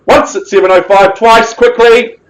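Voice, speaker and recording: A man's voice: very high-pitched, steady tone, moderate pace, poor audio. A man with a New Zealand accent calling a live property auction with jovial, persuasive patter.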